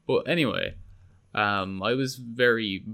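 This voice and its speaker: A man's voice: lowish voice, measured pace, vocal fry, sharp tone. A young man, chatting casually on a podcast, rambling, swearing and acting out quotes. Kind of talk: casual chat.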